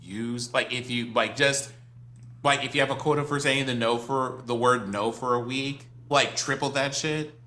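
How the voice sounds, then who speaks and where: A man player making a gentle, rambling announcement on a stream, full of "like" and "um". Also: medium pitch, steady tone, moderate pace. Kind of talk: casual stream chat.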